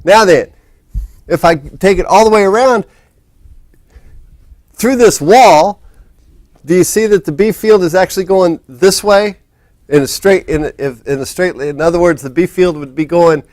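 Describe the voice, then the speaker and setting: A man's voice: high voice, measured pace, pauses often, darkish tone, no echo. A man lecturing a physics class in a casual, rambling way, often restarting his sentences. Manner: rambling, restarts often, talks while setting up. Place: lecture hall.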